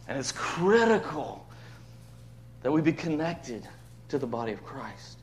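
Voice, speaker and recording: A man preaching a sermon to his church, emphatic, swinging between loud declarations and hushed asides, often repeating words. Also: mid-range voice, sing-song, unhurried, pauses often, a little hiss or hum. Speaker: pastor. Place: church sanctuary.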